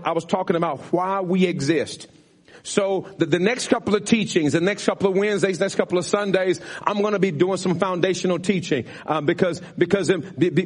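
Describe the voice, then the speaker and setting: A man preaching as pastor in a Bible study, repeating himself emphatically with frequent restarts. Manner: rises in pitch as he preaches harder. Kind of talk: sermon-style Bible teaching.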